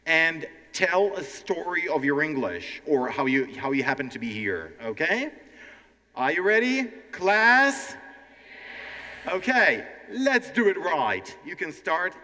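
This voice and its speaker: An animated man from Ukraine leads a live language lesson like a stand-up act, his bright voice swooping across a lively range. He talks slowly and deliberately, always checking in with the crowd. The sound carries a long reverb from a large hall. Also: a little high. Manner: animated, teacherly, keeps checking in with "okay?". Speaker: language teacher and show host. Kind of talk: live educational stand-up with audience.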